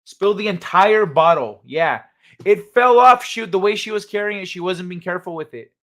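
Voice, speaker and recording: A man's voice: high-pitched, expressive, moderate pace, fairly bright tone. A man hosting a livestream, chatting casually and reading viewers' messages aloud with loose, profane asides that trail off into mumbles. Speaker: livestream host.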